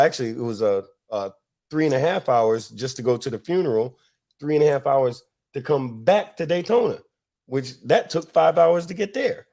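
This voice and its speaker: A man's voice: mid-range voice, vocal fry, dark tone. Male podcast host from Florida, loose rambling storyteller, laughs often, mid-range voice. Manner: rambling, laughing, many fillers. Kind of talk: casual storytelling chat.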